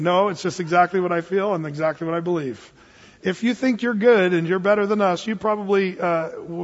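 A male pastor preaching a casual, joking sermon in a church, with sudden emphatic bursts. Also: high-pitched. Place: church sanctuary. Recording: muffled, long reverb in a hall.

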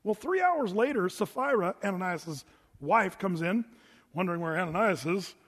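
A pastor preaches a sermon in a church sanctuary, speaking conversationally and emphatically while posing rhetorical questions to the congregation. His voice is high, with lively intonation, normal speed, a fairly bright tone, and slight roughness, and the recording carries the long reverb of a hall.

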